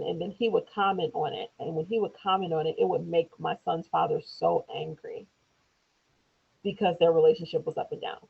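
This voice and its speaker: Woman telling her own story on a tinny phone-like recording, gravelly voice, does the voices when she quotes people. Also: on the low side. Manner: acts out quoted speech in raised voices. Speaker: interview guest. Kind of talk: personal storytelling.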